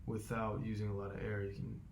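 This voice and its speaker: A man talking through his vocal warm-up routine, explaining step by step and thinking aloud with fillers. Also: lowish voice, completely flat delivery, a little fast, gravelly, slight background noise. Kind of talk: casual instructional vlog.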